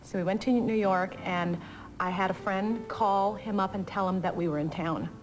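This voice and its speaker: A woman recounting an anecdote about a friend in an interview, brisk and amused. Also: medium pitch, rough recording. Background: music.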